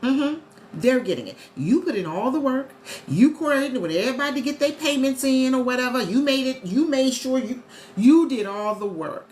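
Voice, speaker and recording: A woman's voice: high voice, normal speed. Chatty woman on a live stream. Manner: animated, chatty, talks straight to viewers. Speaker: travel agent host of a live stream. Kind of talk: casual live-stream chat. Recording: echoey room with faint ambient noise.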